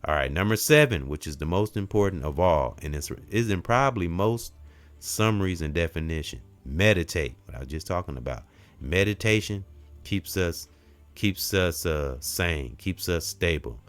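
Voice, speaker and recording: A man giving an emphatic spiritual self-help talk, preachy in tone, swinging from loud stressed words to quiet asides. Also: sits low, animated, moderate pace, no room sound, faint music behind. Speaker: motivational speaker.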